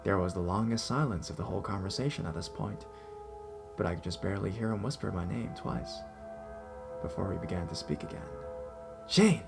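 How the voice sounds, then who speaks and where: A man narrating a scripted horror story in a measured storytelling delivery. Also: deep voice, gravelly, music in the background.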